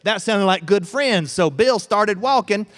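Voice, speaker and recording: A man's voice: high voice, animated, a little slow, a bit bright. A man telling a tall tale in a folksy drawl to a family audience at a festival tent. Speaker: storyteller. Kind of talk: live storytelling to a family audience.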